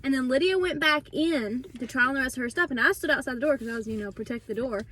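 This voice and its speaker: A woman's voice: high-pitched, quick pace, few pauses, fairly bright tone. A woman, telling an indignant story in a casual vlog. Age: 20s. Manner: indignant, retelling with quoted dialogue. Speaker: vlog host.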